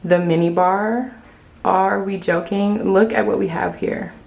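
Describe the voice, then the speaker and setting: A young woman vlogging a hotel room tour in an excited, chatty way, full of playful slang, filmed on a handheld phone. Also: mid-range voice, measured pace, gravelly. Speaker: travel vlogger. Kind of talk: casual vlog room tour.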